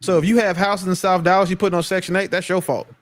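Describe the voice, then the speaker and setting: Brief: man, host, quick and a little high, lectures with confidence. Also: level tone. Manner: assertive, lecturing. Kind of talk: casual chat.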